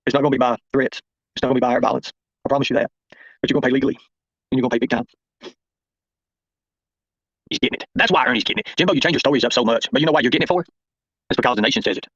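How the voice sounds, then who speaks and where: A man rattles off a confrontational livestream monologue at a very fast clip. His voice sits at a middling pitch, and the sound is close and dry. The audio is dull and lo-fi. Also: a bit bright, breathy edge, no echo. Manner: confrontational, addresses viewers and chat by name. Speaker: livestream host.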